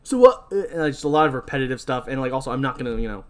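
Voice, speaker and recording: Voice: mid-range voice, racing. A podcast host casually recapping a horror movie, chatty and full of fillers. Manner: chatty, filler-heavy, laughing.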